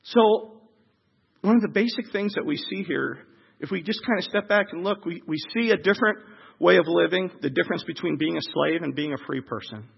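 A man preaching a sermon, animated and acting out the crowd's voices with shouts. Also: high-pitched, brisk, vocal fry, husky, muffled recording.

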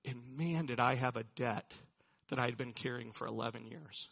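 A man's voice: mid-range voice, moderate pace, creaky, a bit bright, slightly rough, highs cut off. A man preaching a sermon, telling a personal story in an earnest way and building to emphatic preaching. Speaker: pastor.

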